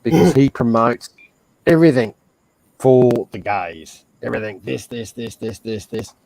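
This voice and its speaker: An Australian man talking at an unhurried, drawn-out pace, mid-pitched, blunt and sweary as he spins yarns on a casual stream. His voice sits in an ordinary middle register. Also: gravelly, a crowd in the background, rough recording. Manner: blunt, profane storytelling. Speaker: stream host. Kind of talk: casual chat.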